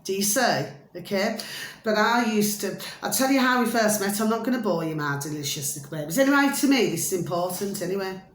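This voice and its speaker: A woman's voice: medium pitch, expressive, brisk, a little hiss or hum. A woman telling a long story to her viewers in a chatty, repetitive way, constantly checking that they follow along. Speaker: vlogger. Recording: roomy echo, faint ambience.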